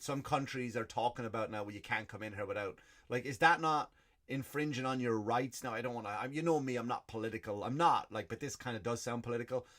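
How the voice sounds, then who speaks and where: An Irish comedian hosts his podcast with a loose, profane rant. His medium-pitched voice swings between mock outrage and deadpan asides, full of swearing and Irish turns of phrase. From Ireland. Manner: profane, animated ranting. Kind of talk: stand-up style comic rant.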